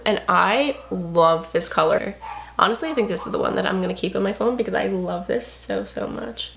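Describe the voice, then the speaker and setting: A young adult woman vlogging an unboxing, gushing and excitable, full of "like" and "you guys". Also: mid-range voice, vocal fry. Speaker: beauty and lifestyle vlogger. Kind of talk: casual unboxing vlog.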